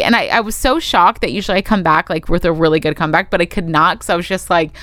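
A woman's voice: mid-range voice, fast talker, few pauses, no room sound, clean studio sound. Woman telling a story on a podcast. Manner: lively storyteller, acts out the people she quotes. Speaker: podcast co-host. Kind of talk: casual chat.

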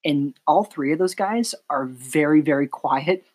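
A podcast host with a slightly husky voice talks film at length. He is opinionated and chatty, and he pulls the conversation back when it drifts. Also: on the high side, measured pace, darkish tone. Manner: talkative, opinionated, steers the talk. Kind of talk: casual film discussion.

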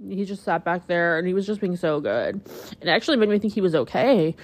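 A woman podcast host with a slightly lower voice than most women, talking in a casual, confiding style. She tells her story candidly and emotionally, with "like" scattered through nearly every sentence. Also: brisk, dry recording. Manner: chatty, heavy use of "like", emotional and candid. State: choked up at times.

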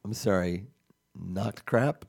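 A male comedy podcast host whose voice has a gravelly, creaky edge. He rambles through improvised banter, stalling often on fillers and restarts. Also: on the low side, darkish tone. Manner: rambling, halting, full of fillers.

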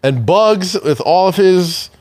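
A man's voice: high-pitched, expressive, slow, a little mellow, no room sound. A man in casual chat, animatedly retelling a movie plot, acting out the lines and laughing often.

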